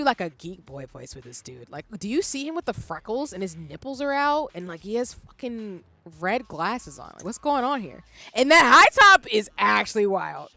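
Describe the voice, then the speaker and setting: An animated, chatty young woman narrates a casual game stream, quick to laugh. Her pitch sits in a middle range but leaps around lively, with faint game music behind her. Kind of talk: casual gaming stream chat.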